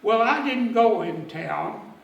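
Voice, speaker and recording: A man's voice: sits high, lively intonation, slow, gravelly, reverberant, distant mic, highs cut off, full character voice. A man voicing a humble poor neighbor farmer, hesitant and deferential.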